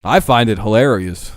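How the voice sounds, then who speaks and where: A man's voice: on the low side, dry recording, clean studio sound. A young man ranting casually to his live-stream chat, swearing a lot, laughing often and getting heated.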